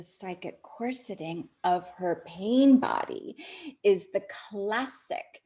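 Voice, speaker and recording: Woman host, intimate confessional read: slow, breathy, near-whispered, chatty with a laugh in it. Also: medium pitch, dark tone. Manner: chatty, with many "like" fillers and frequent laughs. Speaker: podcast host. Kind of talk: intimate personal storytelling.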